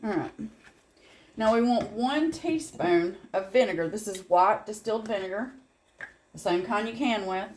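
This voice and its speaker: A woman's voice: medium pitch, normal speed, a little mellow, a little hiss or hum. Chatty Southern woman showing a recipe. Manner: chatty, rambling asides with little laughs. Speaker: home cooking channel host. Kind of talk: casual cooking demonstration.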